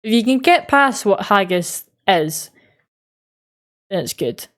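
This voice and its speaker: A woman's voice: medium pitch, lively intonation, slow, a bit bright. An Australian woman streamer in casual chat, reading out and answering live chat messages in an easygoing way with frequent laughs.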